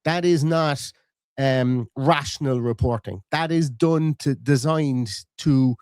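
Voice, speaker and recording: An animated man hosts a casual football chat and drives his points home in quick bursts. His voice sits at an ordinary mid pitch. The sound is close and dry, with no echo. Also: clear, resonant tone. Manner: animated, rapid-fire, acts out quoted voices. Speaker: football fan podcast host.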